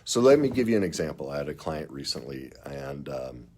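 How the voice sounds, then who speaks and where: A man's voice: extremely low pitch, big pitch swings, a little fast, dark tone, a little hiss or hum. A man coaching viewers on relationships in an earnest, emphatic way, speaking straight to them. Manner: earnest, emphatic, acts out clients in quotes. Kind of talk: direct advice to camera.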